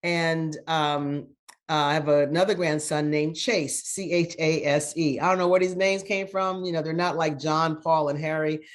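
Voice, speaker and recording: A woman's voice: sits low, steady tone, moderate pace. Motivational grandmother guest. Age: older. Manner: earnest, motivational, repeats for emphasis. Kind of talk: interview, storytelling.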